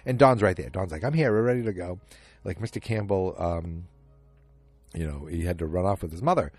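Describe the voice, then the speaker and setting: A man's voice: deep voice, a little fast, darkish tone, dry recording, soft background music. A man hosting a solo podcast, casually retelling a TV episode scene by scene with quoted lines and plenty of ums. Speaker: podcast host recapping a TV episode.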